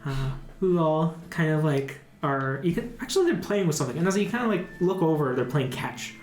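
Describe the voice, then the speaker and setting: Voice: medium pitch, animated, a little fast, a little mellow, roomy sound. A dungeon master narrating a tabletop game, rambling with many fillers and restarts.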